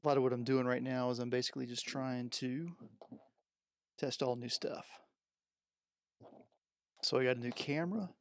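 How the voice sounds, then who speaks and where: Man, gravelly, mid-pitched, rambling unscripted stream talk into a headset mic, dry close sound. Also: no echo. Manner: rambling, thinking aloud while handling gear. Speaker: streamer unboxing music gear. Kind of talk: unscripted live stream chat. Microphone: headset microphone.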